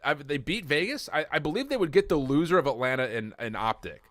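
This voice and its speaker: A man's voice: a little high, animated, quick pace, fairly bright tone, no echo. A man casting an esports match in a chatty, joking way, with many fillers as he breaks down the standings. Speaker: esports caster. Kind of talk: esports desk commentary.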